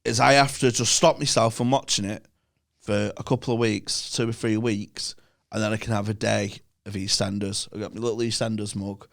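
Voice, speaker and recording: A man's voice: lowish voice, flat delivery, normal speed, vocal fry. A man, a podcast guest telling stories with enthusiasm, laughing often and swearing in casual chat.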